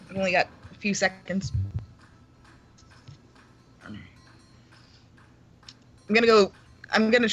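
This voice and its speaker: A woman's voice: mid-range voice, sharp tone, poor audio. A woman playing a tabletop game, speaking hesitantly and laughing often. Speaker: player.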